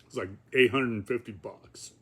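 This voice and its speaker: A man's voice: mid-range voice, moderate pace, sharp tone, slightly rough. A man talking casually in a rambling, profane vlog, with many fillers and chuckles. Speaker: vlogger.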